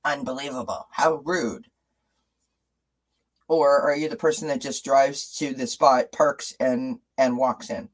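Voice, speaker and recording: A man's voice: medium pitch, steady tone, unhurried, hardly any pauses, rough recording. A man hosting a casual live stream, chatting with viewers, reading out their comments and asking them rhetorical questions, often restarting his sentences.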